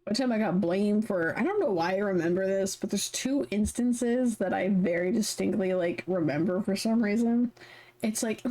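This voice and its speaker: A woman's voice: mid-range voice, moderate pace. Chatty young woman streamer. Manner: animated, chatty, swears casually. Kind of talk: casual chat while reading a visual novel aloud.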